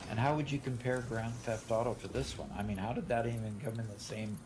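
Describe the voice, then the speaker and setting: A man's voice: mid-range voice, steady tone, fairly quick, noisy background. A man playing a game on a stream, chatting casually and often asking follow-up questions. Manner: curious, asks follow-up questions. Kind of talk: casual gaming stream chat.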